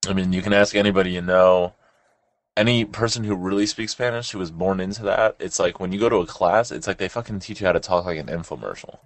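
A man's voice: deep voice, fast, no echo. A young man chatting casually as co-host, rambling, laughing and swearing now and then. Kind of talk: casual chat.

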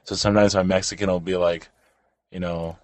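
A man's voice: low voice, level tone, fairly quick, no room sound. A young adult man co-hosting a casual podcast chat, crude and joking and laughing often. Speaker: podcast co-host.

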